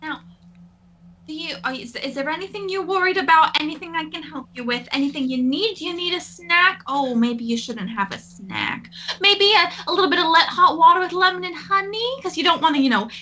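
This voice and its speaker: A very high, bright, sing-song voice belongs to a doting, pushy stage mother, improvised by a woman. She coos slowly and smothers her grown daughter with attention, swooping lively through her pitch in a tabletop role-play. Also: full character voice. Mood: cooing. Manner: gushing and smothering, slow cooing delivery.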